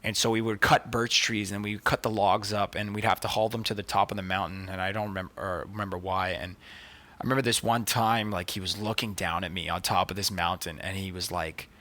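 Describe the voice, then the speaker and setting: This podcast co-host has a low voice with fairly even intonation and a sharp tone, and he talks briskly. He tells stories in casual chat, full of profanity and the fillers "like" and "dude."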